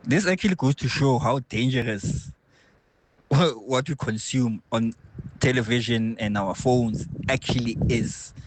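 A man's voice: mid-range voice, unhurried. Male caller, emphatic and hesitant, heard over a noisy phone line. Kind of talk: phone-in call.

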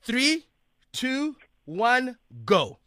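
Playful radio DJ. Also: male voice, extremely high pitch, big pitch swings, very slow, pushed and bright, smooth, dry recording, studio quality. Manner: playful, joking banter. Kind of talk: lively radio show hosting. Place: radio studio.

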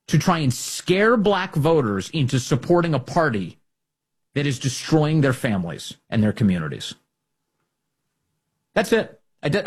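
A man's voice: mid-range voice, slightly rough. A man delivering an emphatic, sarcastic political opinion monologue as a host. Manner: sarcastic, emphatic, with mocking quoted voices.

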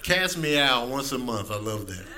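A man's voice: medium pitch, expressive, unhurried, background noise. A male comedian casually riffing about pets in a laid-back, chuckling manner.

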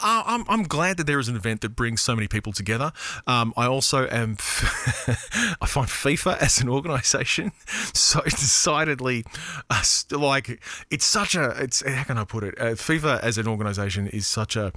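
A bright, forward-sounding Australian man hosts a radio show from a studio. He reads listener texts in a loose, rambling, self-deprecating way, full of "uh"s and restarts. The sound is dry and close on a studio mic. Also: mid-range voice, lively intonation, normal speed, dry recording. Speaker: radio host. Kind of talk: casual radio chat reading listener texts.

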